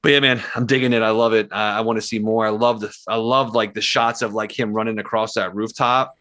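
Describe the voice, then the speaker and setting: Excited, halting man with a bright voice. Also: on the low side. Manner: excited, halting, many fillers and repeats. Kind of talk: casual chat.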